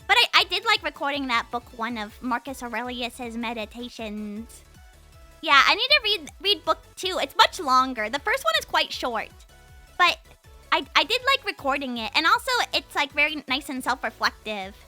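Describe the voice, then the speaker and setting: A woman streamer chatting casually with her viewers, energetic and rambling, often restarting her sentences, on a compressed studio mic. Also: high voice, normal speed, soft background music. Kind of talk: casual live-stream chat.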